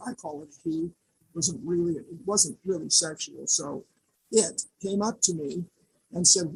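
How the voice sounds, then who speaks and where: A man, an artist, earnestly recounting a personal vision in conversation, speaking haltingly and with feeling. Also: high-pitched, vocal fry, darkish tone, breathy edge, rough recording. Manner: earnest, halting storytelling, stirred with emotion. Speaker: artist guest.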